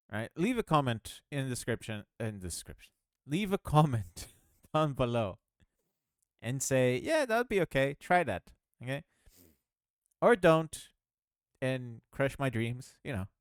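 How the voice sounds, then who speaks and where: A man talks through his game development in a loose, rambling way, often laughing at himself. His voice is smooth and clear, with a pitch that swings around a lot. The recording is close and dry. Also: very animated, a little slow, dry recording. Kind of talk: casual rambling devlog commentary.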